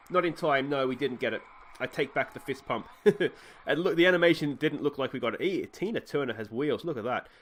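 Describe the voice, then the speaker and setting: Casting: young Australian gamer, slightly high voice, rambling play-by-play with excited bursts. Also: male voice, brisk. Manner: chatty, rambling, jumps to excited calls on big plays. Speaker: let's play host. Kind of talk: game commentary.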